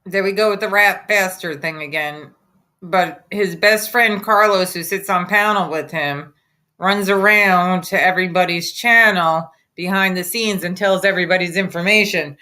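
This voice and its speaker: A woman's voice: on the low side, moderate pace, pushed and bright. A woman hosting reaction commentary over a clip, mocking and combative in tone. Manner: mocking, sarcastic, combative ranting. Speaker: commentary host.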